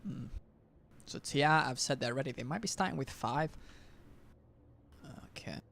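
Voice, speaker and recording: A man's voice: medium pitch, normal speed, gravelly, fairly bright tone. A man casting a live online game match, chatty and self-deprecating, rambling between play calls. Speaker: stream caster.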